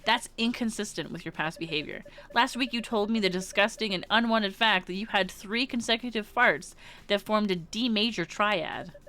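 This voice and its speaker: A woman's voice: medium pitch, moderate pace, pushed and bright, slight background noise, lightly acted. A woman voicing a blunt, nerdy teenage girl in a video game, lecturing in a dry, precise way.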